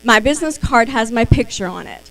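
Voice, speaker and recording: A young adult woman giving a lively sales training talk on a live stream, acting out her customer conversations. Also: on the high side, a little fast, gravelly, low-quality recording. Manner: lively, acts out customer dialogues. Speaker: beauty sales consultant.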